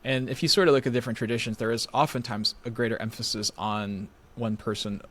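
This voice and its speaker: A man's voice: mid-range voice, fairly even intonation, fast talker, a bit bright. A man as a podcast guest, explaining ideas in careful conversational talk with frequent fillers. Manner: explains carefully with many "you know" fillers. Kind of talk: conversational theological discussion.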